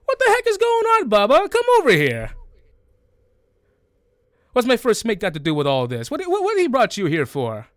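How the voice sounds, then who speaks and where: Male GM voicing a beholder pirate captain: loud, high, jovial, excitable. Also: normal speed, pauses often, dry recording, clean studio sound.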